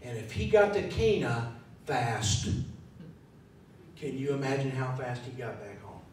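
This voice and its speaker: In a church sanctuary, a man delivers a sermon in an animated, unhurried voice, thinking out loud as if in conversation and asking the congregation questions. The sound is distant and echoey, as in a hall, with a faint rumble.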